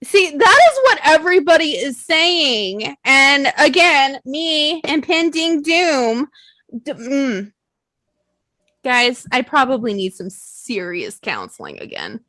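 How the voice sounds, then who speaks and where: A woman's voice: high voice, very animated, slow pace, pushed and bright, dry recording. A young woman co-hosting a casual podcast chat, self-deprecating and swearing, laughing often and acting out her own quotes. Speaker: podcast co-host.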